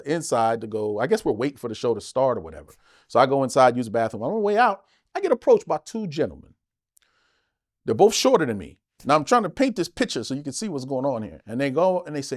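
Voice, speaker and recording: Animated high-voiced man telling a story. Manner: animated, acts out quotes with big pitch jumps, swears freely. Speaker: interview guest.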